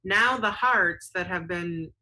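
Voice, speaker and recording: Female co-host, earnest, low pitch, bright sharp tone. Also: slow, slight background noise, rough recording. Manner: earnest, reads out viewer comments. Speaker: show co-host. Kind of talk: casual advice talk.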